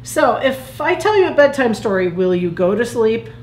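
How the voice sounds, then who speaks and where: A woman playing a grumpy gruff crab. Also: on the high side, moderate pace, echoey room, slight background noise. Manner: gruff, deadpan. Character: grumpy sly crab storyteller.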